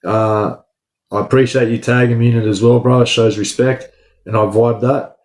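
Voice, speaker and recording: A man's voice: mid-range voice, normal speed, reverberant. Slangy Australian man live-chatting. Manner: relaxed slangy chat to viewers. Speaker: livestream host. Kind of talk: casual live chat reading comments.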